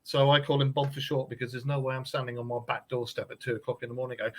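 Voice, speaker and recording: A man's voice: mid-range voice, little pitch movement, fast talker, hardly any pauses, fairly bright tone, low-quality recording. A middle-aged man from England chatting as a guest, telling jokey anecdotes and slipping into voices. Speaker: guest, paranormal investigator and podcaster. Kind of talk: casual chat.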